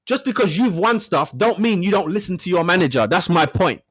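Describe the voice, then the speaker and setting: A man's voice: high voice, animated, brisk, a bit bright, husky. A man arguing his side in a heated sports debate, pressing his point again and again.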